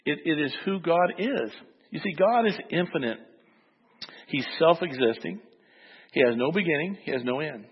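A man's voice: fairly high pitch, lively intonation, moderate pace, husky, big-room sound, muffled recording. A man preaching a sermon, telling a story and acting out its voices before making his point. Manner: storytelling, acts out voices in the anecdote. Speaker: pastor.

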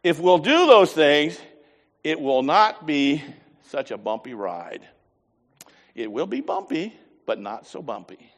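A man preaching a sermon, telling a folksy story with lively voiced asides. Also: on the high side, takes it slowly, pauses often, big-room sound. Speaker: pastor.

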